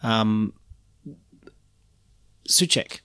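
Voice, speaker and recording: Cheeky podcast co-host. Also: male voice, on the low side, drawn-out words, sharp tone, smooth, no echo, studio quality. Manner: cheeky, jokey. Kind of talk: casual podcast chat.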